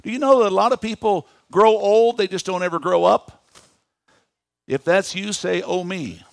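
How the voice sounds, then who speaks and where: A man in his fifties preaching a sermon in a church, animated, asking the congregation questions. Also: high voice, normal speed, creaky, no echo. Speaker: pastor.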